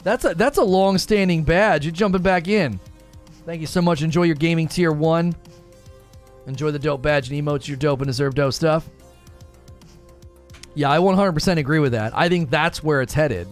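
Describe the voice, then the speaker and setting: A man's voice: fairly high pitch, normal speed, long pauses, faint music behind. A man hosting a gaming live stream, talking casually, rambling, joking and repeating himself as he reads chat.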